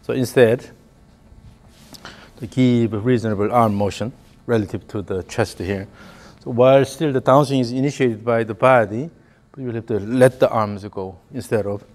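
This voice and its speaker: A man's voice: mid-range voice, fairly even intonation, moderate pace, pauses often, darkish tone. A man giving a hands-on golf lesson, explaining the swing and calling out short repeated cues in rhythm. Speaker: golf coach.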